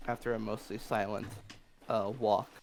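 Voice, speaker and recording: A man's voice: fairly low pitch, little pitch movement, normal speed, slight background noise. A man narrating as game master of a tabletop game, talking loosely with many fillers.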